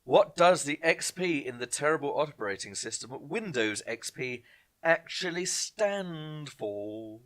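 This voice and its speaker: A man's voice: medium pitch, animated, normal speed, few pauses, a bit bright. A man hosting an online pub quiz, reading each question twice and dropping jokey asides to viewers. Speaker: quiz host.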